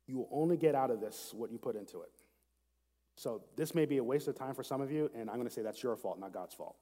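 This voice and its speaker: A man preaching a sermon as a pastor, earnest and self-deprecating, reading scripture slowly and prayerfully. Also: medium pitch, mellow. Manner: earnest, laughs at himself, slows down to read prayerfully. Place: church sanctuary with seat backs. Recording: long hall reverb.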